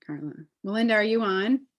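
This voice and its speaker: A woman presenting a live online class, talking enthusiastically and casually with many fillers, heard through a computer mic. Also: mid-range voice. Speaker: essential oils presenter.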